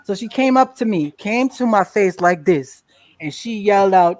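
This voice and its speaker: A woman guest in a casual interview, telling a lively story, acting out quotes and laughing often. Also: mid-range voice, normal speed. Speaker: podcast guest.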